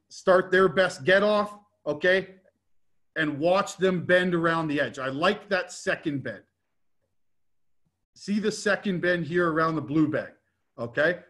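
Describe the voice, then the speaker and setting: A man's voice: on the high side, fairly bright tone. A man coaching football, talking casually through drill footage and ending most phrases with a checking "okay?", with short repeated commands. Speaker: football defensive line coach. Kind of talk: instructional clinic talk over drill video.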